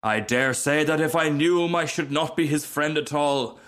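A man's voice: fairly high pitch, normal speed, a bit bright, voice pushed up, lightly acted. A man voicing a pompous, self-pitying male firework rocket in a storybook reading, haughty and theatrical.

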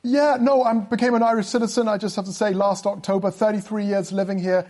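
A man's voice: sits high, steady tone, fast, a little mellow. A man from England, a panelist, chatting with gushing enthusiasm. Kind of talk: casual panel chat.

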